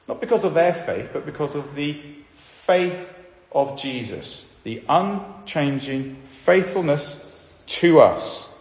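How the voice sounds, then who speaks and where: Animated male preacher in an echoey hall. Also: medium pitch. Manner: earnest, slows down for emphasis. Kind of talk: sermon. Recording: echoey hall, slightly dull sound.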